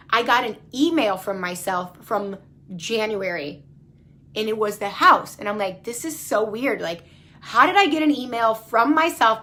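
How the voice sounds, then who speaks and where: A woman in her thirties telling a story about her home in a casual, animated and profane way, recorded on her phone at home. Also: medium pitch. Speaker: spiritual coach and vlogger. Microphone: phone camera.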